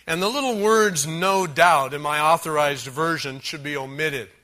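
Guy preaching a sermon, punchy and emphatic, kinda sharp bright tone. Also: a little high. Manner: emphatic preaching, lists points, slows on key words; dry joking asides. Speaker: pastor.

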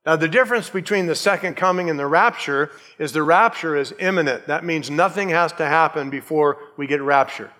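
A man's voice: fairly high pitch, a little fast, few pauses, sharp tone, in a large hall. A male pastor preaching a sermon in a conversational way, with joking asides and acted-out quotes.

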